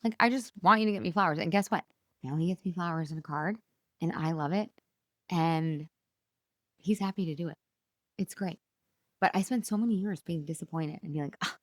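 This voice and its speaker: A middle-aged woman coaches her listeners through a solo podcast, chatty and keen. Her voice sits a little low for a woman. The recording is close and dry, with no room around it. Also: normal speed, pauses often, no echo. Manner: enthusiastic, chatty, direct to listeners. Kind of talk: solo motivational podcast talk.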